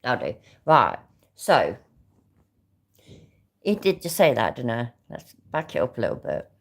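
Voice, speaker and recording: A woman's voice: very deep voice, wildly swooping pitch, measured pace, gravelly. A woman with a British accent giving sarcastic, sweary casual reaction commentary. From Britain. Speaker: reaction vlogger.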